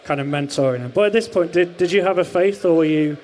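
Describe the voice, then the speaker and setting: A man's voice: a little high, quick pace, a little mellow, a little hiss or hum. A male podcast host asking friendly, conversational questions in a live stage interview.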